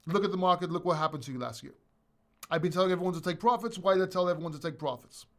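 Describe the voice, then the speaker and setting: A man's voice: a little high, fast talker, a bit bright. A man hosting a live crypto question-and-answer stream, speaking bluntly and emphatically, repeating points and swearing, a little short of breath from being sick. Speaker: crypto channel host. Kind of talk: live stream Q&A, opinionated rant.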